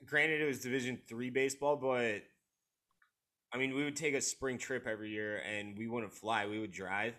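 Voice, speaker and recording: A man's voice: medium pitch, steady tone, normal speed, sharp tone. A man who played college baseball, chatting candidly and a bit ramblingly, with some swearing. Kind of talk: casual chat.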